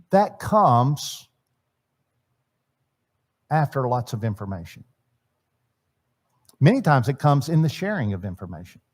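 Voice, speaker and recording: A middle-aged man with a slightly mellow voice on the high side teaches at a church marriage seminar. He talks conversationally, acting out bits of quoted dialogue and repeating words.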